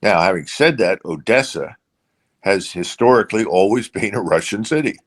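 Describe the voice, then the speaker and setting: A man as a guest analyst, speaking unscripted with measured pacing and frequent hesitant restarts. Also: fairly low pitch, expressive.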